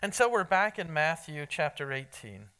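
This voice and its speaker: A man's voice: on the high side, big pitch swings, moderate pace, bright, forceful tone, clear, resonant tone. A man preaching an evening sermon in a conversational, emphatic way, quizzing his congregation. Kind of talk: evening sermon with Bible reading.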